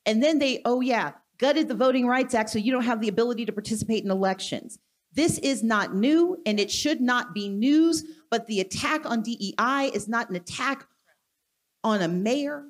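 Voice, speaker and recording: Woman speaking with rallying conviction. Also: fairly high pitch. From Mississippi, US. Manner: forceful, rallying, deliberate. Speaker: guest speaker. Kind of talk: live onstage conversation.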